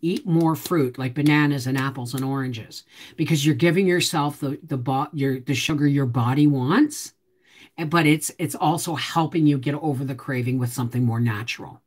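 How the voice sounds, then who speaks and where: A woman's voice: very deep voice, normal speed, darkish tone, breathy edge. A woman hosting a live stream from home, chatting with viewers in a chatty, teasing way and answering their comments. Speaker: homestead channel host.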